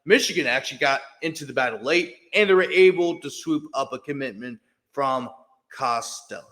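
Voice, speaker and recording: Podcast host, male, chatty sports talk, bright tone, some hall reverb. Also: mid-range voice, moderate pace. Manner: chatty, heavy fillers and restarts. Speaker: podcast host, beat writer. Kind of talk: casual sports podcast commentary.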